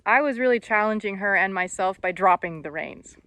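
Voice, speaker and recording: A woman's voice: mid-range voice, fairly quick, a bit bright, smooth, dry recording. A woman horse trainer talking casually through her vlog outdoors on a country ranch, chatty and encouraging, thinking aloud as she goes.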